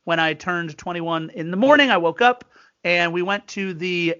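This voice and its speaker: A high, bright-voiced man co-hosting a casual sports podcast, chatty and quick to act out the people in his stories. The sound is dry and a little dull, like a modest home setup. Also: no room sound. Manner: chatty storyteller, animated quoted voices. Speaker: podcast co-host.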